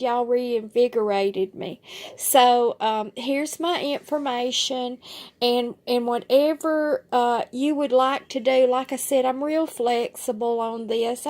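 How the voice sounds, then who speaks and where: A woman with a Southern US accent talking casually to her viewers in a rambling, folksy, heartfelt way. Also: fairly high pitch. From southern United States. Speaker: vlogger. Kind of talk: casual chat to camera.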